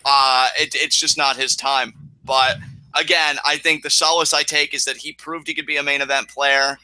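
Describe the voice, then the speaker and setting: A man's voice: a little high, little pitch movement, moderate pace, sharp tone, clear, resonant tone. A man co-hosting a casual wrestling talk show, rambling and emotional with frequent restarts. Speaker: co-host. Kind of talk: casual podcast chat.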